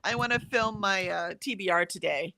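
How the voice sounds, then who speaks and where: Brief: chatty middle-aged woman co-host, bright voice, dry close mic. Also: mid-range voice, normal speed, no room sound. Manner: reads chat comments aloud, chatty and laughing. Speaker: co-host of a livestream. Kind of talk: casual chat.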